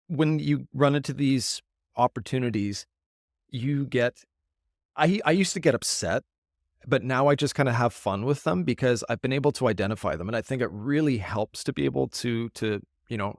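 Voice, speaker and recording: A man with a Canadian accent, a podcast guest, telling a story in a casual, animated way and acting out the voices he quotes. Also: medium pitch, moderate pace, creaky, dry recording, studio quality.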